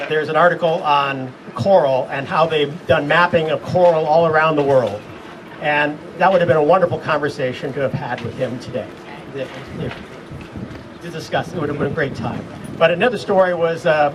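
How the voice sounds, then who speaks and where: A man's voice: a little high, steady tone, fairly quick. A man sharing rambling, chuckling anecdotes as a eulogy at a memorial gathering. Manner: rambling, chuckling between stories. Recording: distant mic with noise behind.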